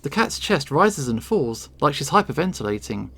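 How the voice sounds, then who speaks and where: A man's voice: on the high side, big pitch swings, normal speed, creaky, a bit bright, slightly rough. A man reading a visual novel aloud in first person, with dramatic expression. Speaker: game reader.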